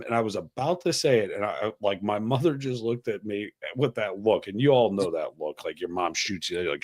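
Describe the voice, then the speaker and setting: A man co-hosting a casual podcast, telling a wild travel story in a profane, animated way and acting out the voices of the people in it. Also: fairly low pitch, normal speed, few pauses. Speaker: podcast co-host.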